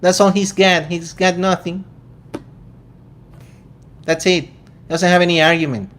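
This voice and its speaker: Jokey and incredulous, the host of a casual vegan commentary show drops quick asides in his Venezuelan accent; he is from Venezuela. His high-pitched voice is a bit bright, with a level tone.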